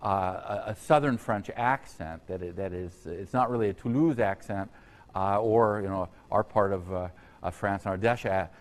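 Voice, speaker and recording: A man giving an unscripted university history lecture, halting often on fillers and restarts, with conversational asides to his students. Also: lowish voice. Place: lecture hall.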